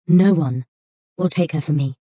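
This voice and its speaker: Woman reading a cold proud princess in an audiobook, calm and curt, low and husky. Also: normal speed, no room sound.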